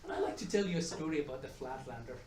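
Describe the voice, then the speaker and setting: A man's voice: mid-range voice, expressive, racing, darkish tone, recorded from a distance, a little hiss or hum. Man lecturing in an echoey hall. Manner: chatty, repeats and restarts words, tells jokes. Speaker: economics professor giving a talk. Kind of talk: conference presentation. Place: conference room with audience. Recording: echoey room, mic from afar.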